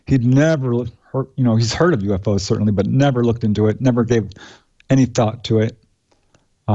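A man with a warm, darkish voice explains the cases he researched as an interview guest. He speaks plainly and matter-of-factly, often pausing on "uh". The recording is dull and lo-fi. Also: medium pitch. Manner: recounts cases in a steady matter-of-fact way, with frequent "uh" fillers. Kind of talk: conversational interview.

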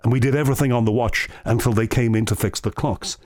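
A man's voice: medium pitch, fast talker, dry recording, studio quality. A man from England, a radio host, telling earnest stories in casual chat. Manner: storytelling, earnest, animated anecdotes.

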